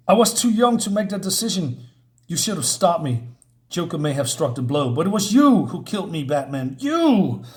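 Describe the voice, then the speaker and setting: A man voicing a demon that poses as a blinded teenage boy, pleading and accusing in a high, strained voice. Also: expressive, moderate pace, darkish tone.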